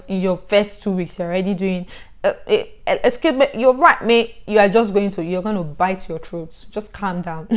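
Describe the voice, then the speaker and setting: A woman from Nigeria with a Nigerian accent, giving chatty advice in a vlog, animated and given to loud bursts. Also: mid-range voice. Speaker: vlogger.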